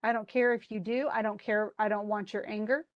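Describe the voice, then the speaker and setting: A woman's voice: medium pitch, fairly even intonation, fairly quick, highs cut off, natural voice. A woman voicing a greedy, petulant male king in a casual, exasperated retelling voice. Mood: indignant.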